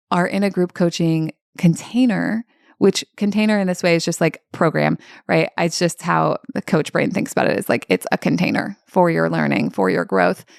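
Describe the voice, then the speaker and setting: Woman coach, solo podcast; low, gravelly voice, candid and profane, close and dry. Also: no echo. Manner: candid, animated, swears freely, says "like" often. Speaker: life coach and podcast host. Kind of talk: casual solo podcast talk.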